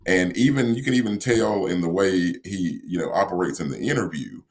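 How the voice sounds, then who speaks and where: A man co-hosting a sports podcast, talking in a measured, reflective way with frequent fillers. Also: deep voice. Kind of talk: casual sports analysis.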